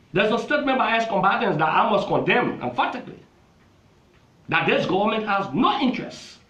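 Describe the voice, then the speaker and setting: A man's voice: very high-pitched, fairly bright tone. A Liberian man, a lawmaker, making an emphatic, repetitive political argument in a television interview. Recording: roomy, dull television audio.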